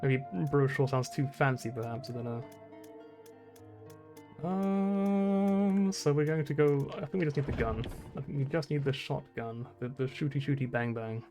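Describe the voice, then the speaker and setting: A man's voice: mid-range voice, normal speed, a little mellow, soft background music. Rambling, swearing young male streamer. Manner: rambling, swearing, laughing, self-mocking. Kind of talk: casual gameplay commentary.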